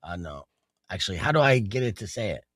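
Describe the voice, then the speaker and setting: A man's voice: sits low, big pitch swings, fast, a bit bright, no echo. A man hosting a radio talk show, chatting casually and loosely with many fillers. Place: radio studio. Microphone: studio mic.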